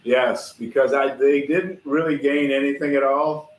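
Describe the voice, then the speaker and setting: Male host, mid-pitched, rambling folksy storyteller, recorded in a reverberant workshop. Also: steady tone, unhurried. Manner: folksy, chatty, addresses viewers directly. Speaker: host of a livestream shop show. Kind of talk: casual rambling storytelling to chat.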